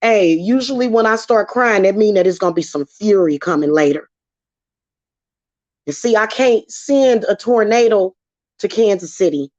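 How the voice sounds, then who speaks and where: A woman vents in a casual vlog about spiritual work, heated, emotional and freely profane; she's a witchcraft vlogger. Her medium-pitched voice is a little mellow with lively intonation at a moderate pace. The lo-fi recording sounds dull and dry, without echo.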